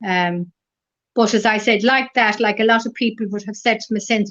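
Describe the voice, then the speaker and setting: A middle-aged Irish woman chats as an interview guest, gentle and meandering, her thoughts looping back with "as I said." Her voice sits at an ordinary middle pitch. The recording is dull and a bit lo-fi. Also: steady tone, normal speed. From Ireland. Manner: gentle, rambling storyteller with many fillers. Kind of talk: casual interview.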